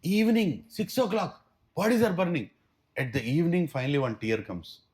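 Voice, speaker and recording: A man with an Indian English accent teaching a spiritual class through stories. His voice sits somewhat high, and he talks with animation, sliding between Hindi and English. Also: animated, normal speed, darkish tone. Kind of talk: storytelling class talk.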